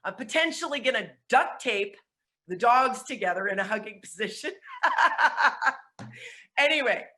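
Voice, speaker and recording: Woman, high bright voice, flustered and sweaty, rallying her team over a video call from home. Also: fairly quick. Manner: energetic and chatty, laughing at herself. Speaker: network marketing speaker. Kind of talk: motivational online presentation. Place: at home with dogs.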